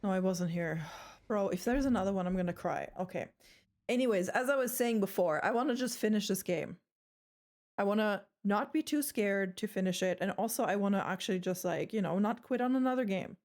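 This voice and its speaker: A woman's voice: mid-range voice, a little fast, a little mellow. A young woman streaming a horror game live, rambling, swearing and screaming in fright, with a throat sore from screaming.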